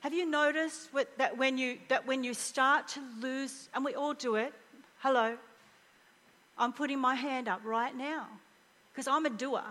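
A middle-aged woman preaching a conversational sermon, animated and humorous, sometimes dropping to a hushed voice for emphasis. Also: sits high, unhurried, big-room sound.

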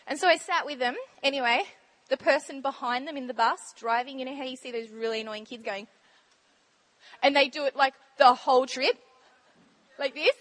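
A high-voiced woman gives a casual sermon talk in a church. She is bubbly and chatty and laughs often as she speaks. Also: normal speed, fairly bright tone. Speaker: church speaker sharing testimony.

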